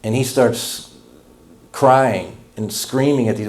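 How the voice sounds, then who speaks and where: Male pastor, sermon delivery, folksy and impassioned, mellow dark voice. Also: medium pitch, slow pace. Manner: folksy, blunt, impassioned preaching.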